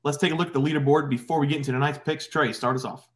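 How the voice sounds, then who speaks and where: A man hosting a sports betting picks show, running the segment in a brisk, upbeat presenter manner. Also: a little high, steady tone.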